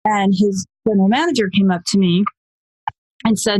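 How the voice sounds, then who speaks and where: A woman in her forties, a podcast guest, telling her story in a lively, casual way and acting out the voices she quotes. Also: fairly quick, no room sound. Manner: animated, acts out quoted voices with pitch jumps.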